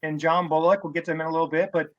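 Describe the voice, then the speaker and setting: Man, fairly high voice, earnest, thinking aloud, casual sports podcast. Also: little pitch movement, very fast, lo-fi sound.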